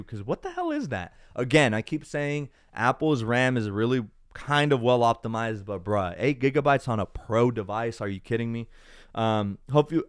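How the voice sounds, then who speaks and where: A man's voice: mid-range voice, clean tone, dry recording, studio quality. A young man hosting a casual live stream, chatting upbeat with viewers and slipping into Spanish now and then, while feeling unwell. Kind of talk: casual live-stream chat reading comments.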